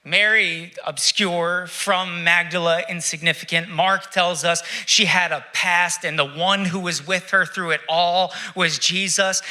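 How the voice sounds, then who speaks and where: Male pastor preaching, high, tense voice, reflective, rhetorical questions, dramatic pauses. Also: fairly even intonation, sharp tone. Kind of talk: sermon.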